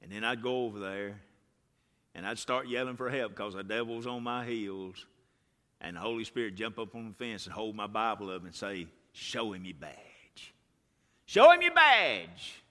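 A man preaching a sermon, telling folksy stories and swinging from hushed lines to loud ones. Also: fairly low pitch, steady tone, normal speed. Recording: reverberant hall.

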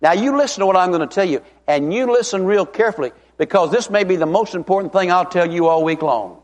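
A middle-aged man, preaching a revival sermon as an evangelist in a folksy, emphatic way, stretching out key words. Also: sits high. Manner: folksy, emphatic, drawn-out stresses. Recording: long reverb of a large hall.

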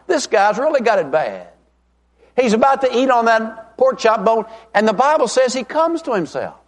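A middle-aged man, preaching a revival sermon as an evangelist in a folksy, emphatic way, stretching out key words. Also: sits high. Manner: folksy, emphatic, drawn-out stresses. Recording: long reverb of a large hall.

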